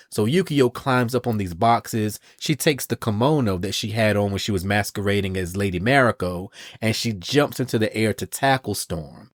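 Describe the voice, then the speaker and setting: A low-voiced man hosts a podcast and retells a comic-book story in chatty bursts. He keeps things casual and walks through each scene step by step. His voice is close and dry, with no room echo. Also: normal speed, few pauses. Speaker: podcast host.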